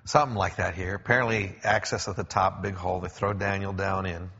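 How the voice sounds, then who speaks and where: Male preacher, sermon, conversational, low gravelly voice, bright edge, echoey church, lo-fi. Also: steady tone. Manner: conversational, explains with pauses and restarts. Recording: echoey hall, dull lo-fi sound.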